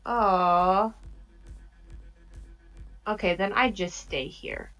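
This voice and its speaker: A woman's voice: mid-range voice, steady tone, extremely slow, fairly bright tone, faint music behind. A woman chatting casually as a player in a tabletop game, a little hesitant.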